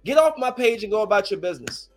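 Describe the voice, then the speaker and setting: A man's voice: high voice, big pitch swings, quick pace, soft background music. A man in his thirties, a streamer, delivering a heated, profane, confrontational rant to his viewers. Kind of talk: angry rant to camera.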